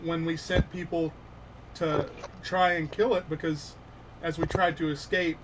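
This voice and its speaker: A frightened, wounded goblin survivor, as a man puts him on, speaking in broken, halting fragments. The voice sits a little high and unhurried, with a faint background hiss. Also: level tone, natural voice. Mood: grieving.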